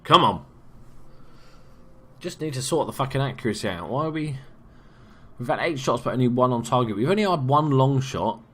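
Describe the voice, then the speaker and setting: A man's voice: mid-range voice, lively intonation, moderate pace, long pauses. A young man from England giving casual, sweary, jokey let's-play commentary as a gaming YouTuber.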